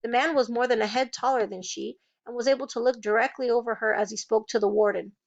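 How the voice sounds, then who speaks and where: A woman's voice: fairly high pitch, fairly even intonation, quick pace, vocal fry, muffled recording. A woman reading a novel aloud, changing her voice to play each character. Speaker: reader.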